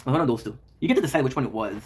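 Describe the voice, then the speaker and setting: A man's voice: mid-range voice, expressive, rapid-fire, husky. Playful man joking with his viewers. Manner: playful, joking, teasing banter. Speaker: streamer chatting with viewers. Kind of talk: casual live-stream chat.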